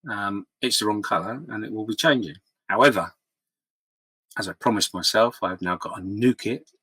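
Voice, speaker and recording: A man's voice: on the low side, normal speed, sharp tone, slightly rough, no room sound, poor audio. A man giving a casual update to his followers as a model-building vlogger, rambling with lots of ums and restarts, candid and apologetic. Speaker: scale-model hobby vlogger. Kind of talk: casual update talk to camera. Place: home hobby room by his model shelf.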